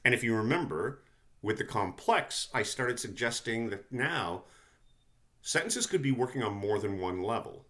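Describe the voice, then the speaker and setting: A man's voice: mid-range voice, lively intonation, moderate pace, bright, forceful tone. A male lecturer giving a conversational recorded lesson, often checking in with "okay?" and restarting his sentences.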